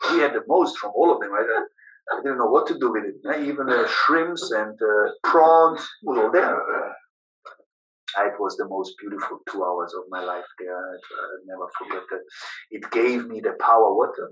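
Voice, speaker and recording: Guy telling his story, emotional, broken english, bright voice, echoey room, sounds a bit far from the mic. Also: medium pitch, lo-fi sound. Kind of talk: personal storytelling.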